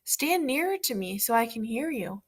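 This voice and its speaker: A woman's voice: fairly high pitch, very animated, normal speed, husky. A woman voicing a sly male fox in a storybook, coaxing and pretending he cannot hear. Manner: coaxing, feigning deafness.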